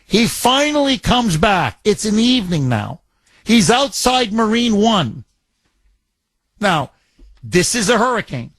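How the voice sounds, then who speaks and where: A man's voice: sits high, very animated, a little slow, pauses often, fairly bright tone, no room sound. A man co-hosting a talk radio show, ranting with indignation, repeating and restarting his phrases.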